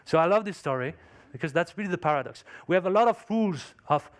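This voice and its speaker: A man's voice: sits high, animated, fast talker. A man speaking English as a second language, giving an emphatic motivational conference talk and telling a story. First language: not English. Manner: storytelling, emphatic, non-native phrasing.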